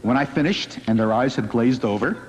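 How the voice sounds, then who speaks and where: A man, a rabbi, giving an inspirational public talk in an earnest, gently wry storytelling manner. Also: medium pitch, fairly quick, heavy background noise. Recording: dull lo-fi recording in a reverberant hall.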